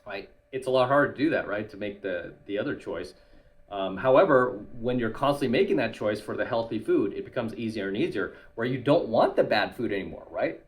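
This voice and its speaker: A man's voice: fairly low pitch, animated, brisk. A man hosting his channel, giving other men advice in a casual monologue and tagging nearly every point with "right?".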